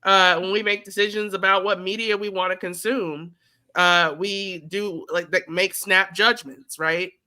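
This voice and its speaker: A man co-hosting a casual podcast film review, speaking in a measured, thoughtful way. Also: high-pitched, level tone, sharp tone, clear, resonant tone. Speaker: podcast co-host.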